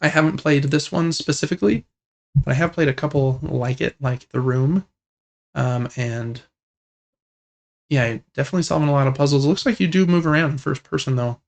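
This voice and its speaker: A young man co-hosting a casual gaming podcast, talking in a relaxed, rambling and enthusiastic way. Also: a little high, moderate pace, vocal fry. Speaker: podcast co-host.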